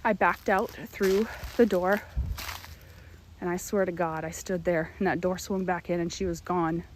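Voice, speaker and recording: A woman's voice: lowish voice, a little slow, a little hiss or hum. Woman telling a personal story. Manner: animated storytelling. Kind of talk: personal testimony.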